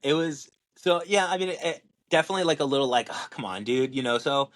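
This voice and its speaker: Young dude on a podcast, storytelling all animated, lots of likes and ums. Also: male voice, on the high side, fast. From Washington state, USA. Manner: animated storyteller, acts out quotes, lots of fillers. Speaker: podcast co-host and pro disc golfer. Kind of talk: casual storytelling chat.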